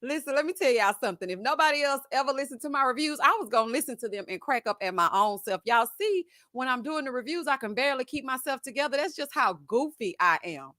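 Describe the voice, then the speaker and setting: With a high voice, a quick pace and few pauses, this woman is recorded in studio quality with no echo. Hosting a live reality-TV review stream, she chats casually and expressively, calling viewers honey and y'all and laughing at her own jokes.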